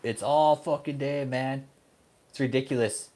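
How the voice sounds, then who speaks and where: A man's voice: medium pitch, fairly even intonation, unhurried, mellow. Profane laughing male vlogger. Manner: profane, laughing often, rambling. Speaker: channel host. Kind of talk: casual vlog rant.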